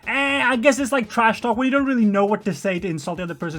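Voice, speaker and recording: A man's voice: high voice, fast talker, a bit bright, faint music behind. A man giving a rambling, casual reaction commentary. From Australia. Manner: rambling, chatty. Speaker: reaction video host.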